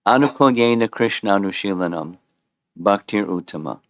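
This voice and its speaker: Deep-voiced man teaching a scripture class. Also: lively intonation, moderate pace, dry recording, clean studio sound. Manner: conversational, quizzes the audience, repeats and restarts. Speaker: spiritual teacher giving a class.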